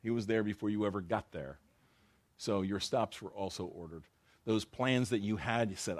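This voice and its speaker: A man's voice: on the low side, moderate pace. A man preaching as a pastor, reading Bible verses and explaining them in a conversational way, often repeating phrases and restarting sentences.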